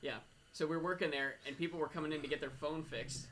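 Fast-talking bright man. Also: on the high side, steady tone, a little hiss or hum. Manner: rapid, chatty storyteller. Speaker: podcast co-host. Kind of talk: casual storytelling chat.

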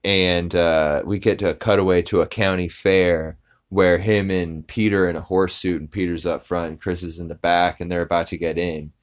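A man's voice: low voice, little pitch movement, normal speed. A man hosting a podcast, casually recapping an episode in a rambling way full of fillers and restarts. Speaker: podcast host.

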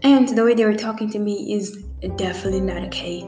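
A woman's voice: medium pitch, fast. Earnest eighteen-year-old woman, roomy sound. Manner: earnest, many fillers and restarts, addresses viewers directly. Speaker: vlogger. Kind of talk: casual heartfelt talk to camera. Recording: roomy echo, faint music behind.

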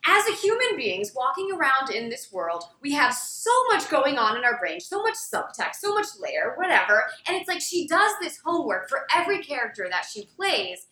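A woman's voice: high voice, big pitch swings, normal speed, few pauses, pushed and bright, roomy sound, poor audio. A woman co-hosting a podcast, gushing enthusiastically in casual chat and filling her talk with "like". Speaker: podcast co-host.

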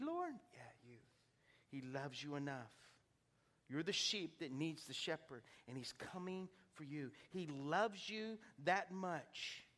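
A man preaching in a reverberant hall, his voice bright and fairly high. He drops to a near whisper, then builds to ringing climaxes. Soft music plays underneath. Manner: swings from hushed intimacy to loud preaching climaxes. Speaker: pastor. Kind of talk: sermon with altar call.

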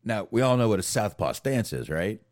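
Male reaction host, low voice with a lively swing, casual and chatty. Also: brisk, slight background noise. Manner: chatty, explains and moves on.

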